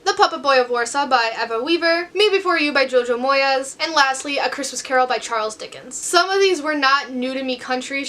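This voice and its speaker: Young woman, high voice, bright tone, rambling casual book chat, self-deprecating. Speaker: book vlogger. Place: bedroom floor at night, carpeted.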